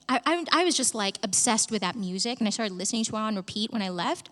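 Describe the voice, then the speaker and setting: A woman leading a live vocal workshop as a coach, chatty and expressive with the audience in a conference hall. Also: fairly high pitch, fast. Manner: expressive and chatty, addresses the room. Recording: long hall reverb.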